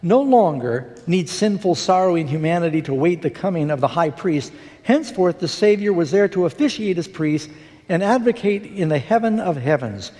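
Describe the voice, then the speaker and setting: A man's voice: fairly high pitch, a little mellow. Earnest preacher man in a reverberant church. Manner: earnest, pleading appeals to the congregation. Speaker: pastor. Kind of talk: sermon with altar call and prayer. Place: church sanctuary. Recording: long hall reverb with music underneath.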